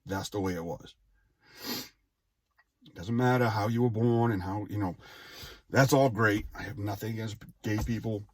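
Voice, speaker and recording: A man's voice: on the low side, moderate pace, pauses often. A man in his forties telling a personal story casually, rambling off on tangents and interrupting himself with wry asides. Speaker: vlogger.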